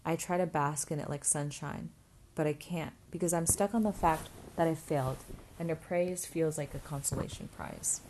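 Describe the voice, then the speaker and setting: A woman narrating a first-person novel as an audiobook, in a steady, even reading voice. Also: sits low, moderate pace, slight background noise.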